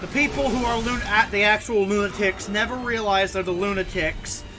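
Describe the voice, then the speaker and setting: A man's voice: high-pitched, normal speed, music in the background. A man streaming a game and chatting casually in a sarcastic, rambling way. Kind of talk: casual gaming commentary.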